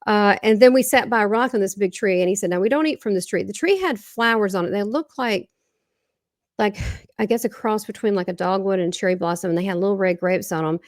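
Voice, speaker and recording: A woman's voice: mid-range voice, a little fast, no room sound, clean studio sound. A woman with a Southern American accent, a guest medium earnestly recounting a near-death experience in a rambling way, often restarting her sentences.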